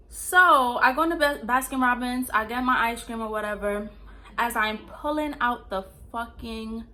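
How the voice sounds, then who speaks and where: A woman's voice: a little high, bright, forceful tone. A young woman from Queens, telling a rambling, profane storytime in casual slang. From Queens, New York. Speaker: storyteller vlogger.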